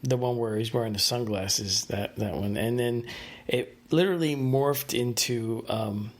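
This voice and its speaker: Man, solo podcast host, mid-pitched, casual and rambling, lots of ums and restarts. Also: unhurried. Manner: rambling, hesitant, many fillers and restarts.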